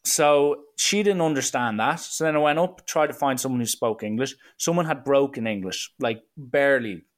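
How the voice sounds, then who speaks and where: An Irish man tells a story at a plain middle pitch, casual and animated. He sounds exasperated and mocking, and swears now and then as he rants. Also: moderate pace. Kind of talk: casual anecdotal rant.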